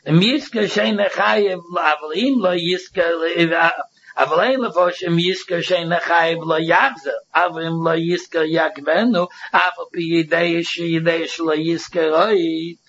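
A man's voice: fairly high pitch, steady tone, moderate pace, fairly bright tone, slight background noise. A man giving a Talmud lesson in Yeshiva English, in a sing-song study-hall cadence that repeats and restarts phrases. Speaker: Talmud teacher. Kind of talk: Talmudic lecture mixing English with Hebrew and Yiddish terms. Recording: dull lo-fi recording.

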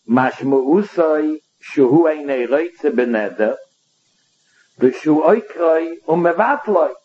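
A man's voice: fairly high pitch, a little mellow, muffled recording. A man teaching a Talmud study lesson, reading passages aloud and explaining them line by line.

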